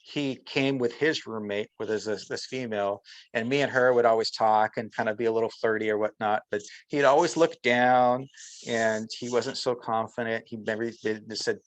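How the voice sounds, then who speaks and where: Male interview guest, storyteller, mid-pitched voice, dry close recording. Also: steady tone, normal speed, dry recording, poor audio. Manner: storytelling, often acting out quotes of others. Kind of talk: casual interview chat.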